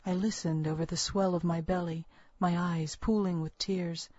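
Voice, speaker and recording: A woman narrating a first-person story with a measured, earnest storytelling manner. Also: fairly low pitch, fairly even intonation, a little mellow, breathy edge, no echo. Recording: dull, lo-fi, dry recording.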